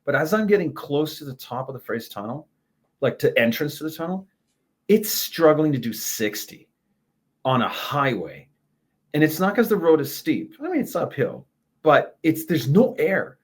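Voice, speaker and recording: A man, a guest telling a lively travel story in a casual interview, laughing and swearing as he goes. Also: fairly high pitch, moderate pace, husky. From Canada.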